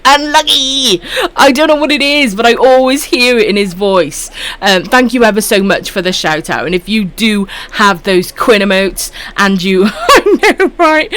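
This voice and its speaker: A woman's voice: mid-range voice, fairly bright tone. A woman with a Welsh accent chatting casually on a live stream while gaming, swearing freely and calling viewers love and sweetheart. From Wales.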